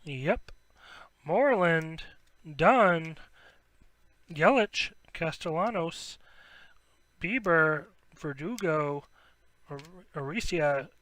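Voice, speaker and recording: Male card-break host, high and bright, unhurried delivery between excited outbursts over hits. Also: no echo. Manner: rattles off player names, bursts into excited shouts at big pulls. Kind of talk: live sports card break commentary.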